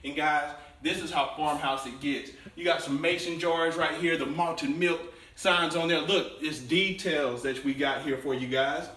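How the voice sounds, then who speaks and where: A man hosting a walkthrough home tour, pitching each room to viewers with salesman enthusiasm. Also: fairly even intonation, a little slow, hardly any pauses, pushed and bright, distant mic, slight background noise. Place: inside a show home, bare rooms. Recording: very echoey room, voice from off the mic.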